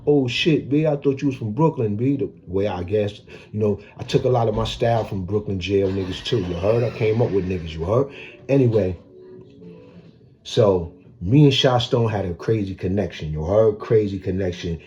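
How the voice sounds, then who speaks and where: A man with a New York accent tells his stories in a casual monologue. His low, mellow voice comes through a dull, lo-fi recording. He keeps the talk loose and full of street slang, dropping "you heard?" after line after line. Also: normal speed. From the Bronx, New York. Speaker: vlogger telling prison stories.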